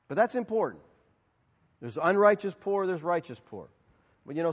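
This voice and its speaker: A male pastor answers questions from the pulpit, his pitch rising and falling as he tells stories and plays every part himself. His voice is high and a little husky. It rings out into a big reverberant hall on a dull, muffled recording. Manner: animated storytelling, acting out both sides of dialogues. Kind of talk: sermon Q&A.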